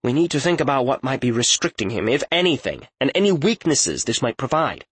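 A man's voice: mid-range voice, big pitch swings, a little fast, breathy edge, no echo. A man voicing a wry, practical male character in an audiobook, reasoning in dry remarks. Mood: musing.

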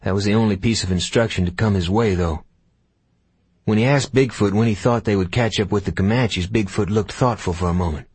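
A man narrating an audiobook in a measured, unhurried storytelling manner. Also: lowish voice, darkish tone, husky, no room sound.

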